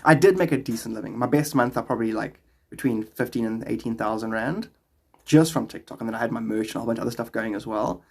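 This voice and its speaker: Gravelly South African man chatting on stream. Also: medium pitch, quick pace. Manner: rambling, answers chat questions aloud. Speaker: livestreamer. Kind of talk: casual livestream chat.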